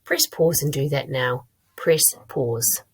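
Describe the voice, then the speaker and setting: A woman primary school teacher giving a recorded lesson. She speaks clearly and encouragingly to her pupils and thinks aloud as she checks her own writing. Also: extremely low pitch, slow pace.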